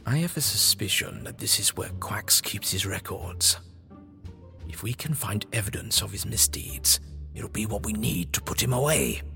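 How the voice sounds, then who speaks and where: A man voicing a scheming old male doctor with a smooth, persuasive way of talking, often hushed. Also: on the low side, expressive, moderate pace, voice pushed down, heavily acted. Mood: conspiratorial. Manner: soft-spoken, coaxing. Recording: long reverb, faint music behind.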